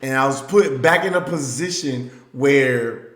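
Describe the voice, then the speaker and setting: A man from the Southern US telling a personal story as a speaker, moving between hushed reflection and loud, emphatic bursts. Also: medium pitch, unhurried, roomy sound.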